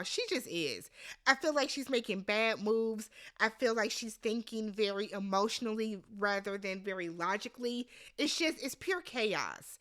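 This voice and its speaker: A woman giving a casual, slangy recap of a reality show, quoting the players in lively voices. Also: medium pitch. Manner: animated, slangy, quotes people in put-on voices. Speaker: recap vlogger.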